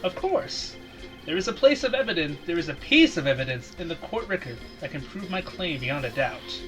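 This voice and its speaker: Man doing rookie defense lawyer, earnest, dramatic, swinging pitch, game music. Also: big pitch swings, normal speed, a bit bright, poor audio.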